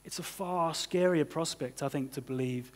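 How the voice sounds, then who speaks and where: Somewhat high for a man, this pastor's voice is a little mellow and moves at normal speed. He gives his sermon in an easygoing style full of "you know" and "kind of," and the church hall adds reverb.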